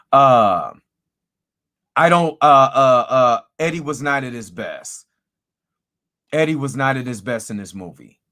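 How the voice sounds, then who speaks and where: Rambling man giving a casual movie review. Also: medium pitch. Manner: rambling, animated, repeats himself, many fillers.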